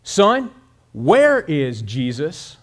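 A man voicing a stern old male pastor who presses a boy with slow, pointed questions. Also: fairly high pitch, huge pitch swings, a bit bright, heavily acted. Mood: stern questioning.

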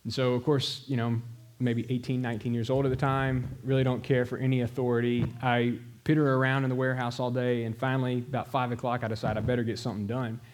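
A man in his middle years preaching, mixing personal stories with calls to prayer. His delivery is emphatic and direct, and his pitch sits at an ordinary middle height for a man. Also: little pitch movement, fast, few pauses, darkish tone. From American South. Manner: storytelling, emphatic, addresses the congregation directly. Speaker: pastor. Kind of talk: sermon.

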